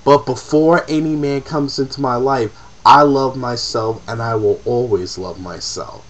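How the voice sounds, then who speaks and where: A man's voice: mid-range voice, measured pace, rough recording. A man in an emotional, profane personal rant to camera, repeating himself as he presses his point. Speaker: vlogger.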